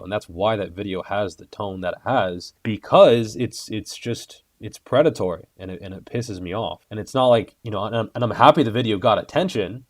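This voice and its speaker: A man's voice: fairly low pitch, no room sound, studio quality. A man speaking as an interview guest, blunt and heated, swearing freely as he rants. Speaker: guest, fitness content creator.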